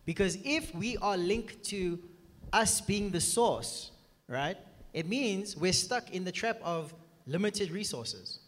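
A male preacher with a somewhat high voice delivers a sermon with insistent emphasis, often checking that his listeners follow him. His voice rings with a long hall reverb in a church meeting room. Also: lively intonation, slow pace, fairly bright tone. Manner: emphatic, keeps asking "are you with me".

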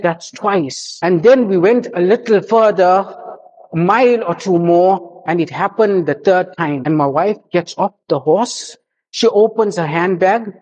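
A man's voice: high-pitched, a little mellow, poor audio. A man giving a marriage sermon, telling a humorous story and exhorting the congregation.

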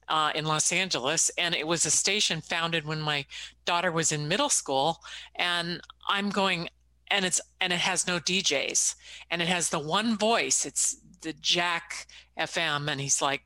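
A woman's voice: fairly low pitch, sharp tone, dry recording, rough recording. A middle-aged woman co-hosting a podcast, reading a scripted intro and chatting in a storytelling way. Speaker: podcast co-host. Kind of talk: scripted intro and casual chat.

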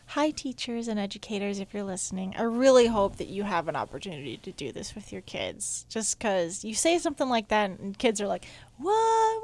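A woman co-hosting a podcast, chatting and teasing with frequent giggles. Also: medium pitch. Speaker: podcast co-host. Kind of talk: casual podcast chat.

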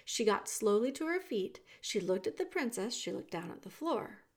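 A woman reading a children's book aloud, narrating it in a calm storytelling manner. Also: a little high, moderate pace.

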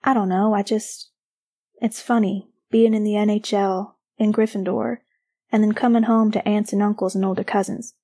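A woman voicing an affectionate nineteen-year-old male hockey player who talks warmly and a little shyly, in a storybook reading. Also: medium pitch, flat delivery, moderate pace, natural voice. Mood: earnest.

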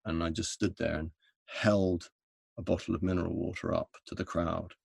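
Man, middle-aged, deep gravelly voice, husky, dry close sound, animated storyteller. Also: normal speed, no room sound. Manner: animated anecdote-telling with frequent restarts and laughter. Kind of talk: conversational storytelling.

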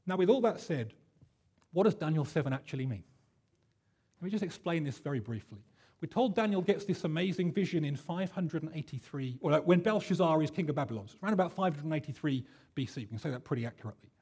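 A man preaching a sermon, his voice slightly husky and pitched a touch high. He talks in a chatty, storytelling way, full of ums and ahs, and pokes gentle fun at himself. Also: lively intonation, fast. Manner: chatty, self-deprecating storyteller with many fillers. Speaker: pastor.

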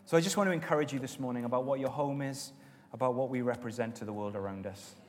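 A man preaching a sermon as pastor, with stretches of loud, emphatic exhortation and softer prayer. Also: medium pitch, fast, slight background noise. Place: church auditorium. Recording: long reverb of a church hall.

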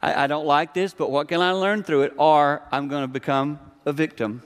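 A middle-aged man preaches to a congregation in a church hall. His voice sits a little high, and he talks in a conversational yet emphatic way, slipping into the voices of the people he quotes. A long reverb from the hall trails behind his words. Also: steady tone, moderate pace, hardly any pauses, smooth. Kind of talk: sermon.

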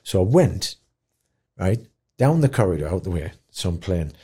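A man speaks with a deep, husky, mellow voice. He tells his story with feeling, lively one moment and hushed the next. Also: normal speed. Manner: animated, emotional storyteller, drops to a hush at tender moments. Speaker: guest musician in care.

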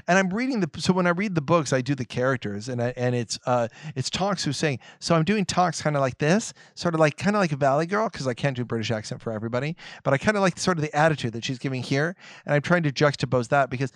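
A man on a podcast, ranting in casual chat, animated and swearing often with lots of restarts. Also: medium pitch, quick pace, hardly any pauses, no echo, studio quality. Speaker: podcast co-host.

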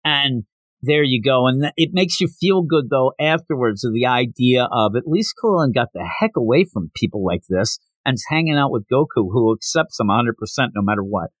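Guy podcasting about a comic, lively, acts out lines, dry close mic. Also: mid-range voice, moderate pace, dry recording. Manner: animated, acts out quotes. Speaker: podcast host. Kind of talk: casual comic recap.

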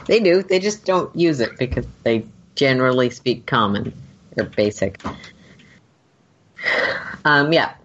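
A woman narrating as game master of a tabletop role-playing game, chatty with quick asides. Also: rumbling low, animated, dull audio, slight background noise.

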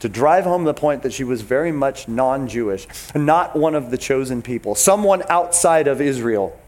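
Animated pastor, a man preaching. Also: mid-range voice, normal speed. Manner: animated, emphatic, talks straight to the congregation. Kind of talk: sermon.

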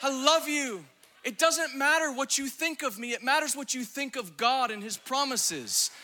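Young guy preaching hard, high voice, super bright and sharp, shouts and laughs. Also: normal speed. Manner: fiery, exuberant, shouting and laughing at times; acts out quoted voices in his preaching. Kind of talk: sermon.

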